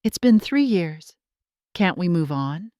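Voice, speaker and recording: A woman voicing a middle-aged ex-wife who talks softly, pleading and apologetic. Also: lowish voice, lively intonation, slow, no echo, clean studio sound. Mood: remorseful.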